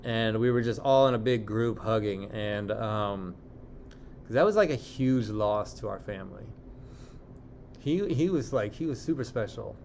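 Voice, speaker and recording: A man's voice: lowish voice, lively intonation, a little slow, gravelly, darkish tone, slight background noise. A man talking into the camera in a casual personal monologue, rambling and candid, with lots of fillers and swearing. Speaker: vlogger.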